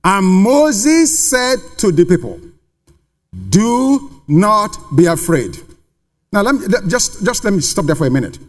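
A man's voice: high-pitched, very animated, unhurried. A man preaching a sermon to a congregation in a church, emphatic and full of rhetorical questions. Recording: long reverb of a large hall.

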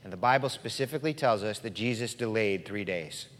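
A man preaching a sermon in a church, dramatic, swinging between loud passages and hushed ones. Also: fairly low pitch, a little fast. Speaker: pastor. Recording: long hall reverb.

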